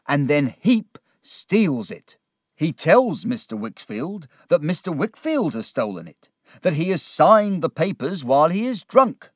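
A man voicing an excitable middle-aged gentleman in a storybook reading, theatrical and swelling with feeling. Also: on the high side, no room sound, clean studio sound, voice pushed up. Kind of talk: audiobook character reading.

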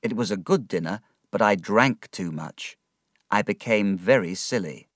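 A man narrating an audiobook story in a slow, measured, expressive reading. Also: on the low side, no echo, studio quality.

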